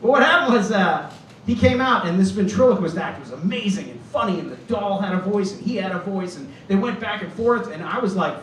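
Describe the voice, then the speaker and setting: A man's voice: high voice, expressive, quick pace, a bit bright, slight background noise. A man in his fifties from Boston doing a stand-up set on a club stage, rambling and self-deprecating. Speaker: stand-up comedian. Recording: roomy club, from far off.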